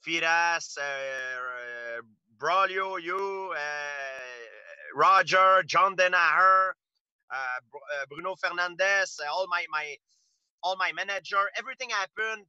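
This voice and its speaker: A man's voice: a little high, sharp tone, no echo, lo-fi sound. Earnest man. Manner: earnest storytelling with frequent restarts. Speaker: interview guest, fighter. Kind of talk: casual interview talk.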